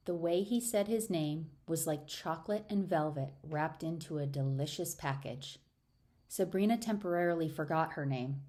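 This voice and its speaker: A woman narrating an audiobook, lively in dialogue. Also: moderate pace. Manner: expressive, raises pitch for dialogue. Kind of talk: audiobook narration with character voices.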